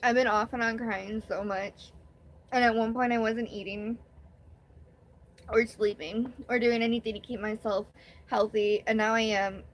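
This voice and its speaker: A woman's voice: a little high, fairly even intonation, normal speed, slight background noise. A young woman vlogger talking candidly in a rambling, emotional way during her first live stream. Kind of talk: casual live-stream chat.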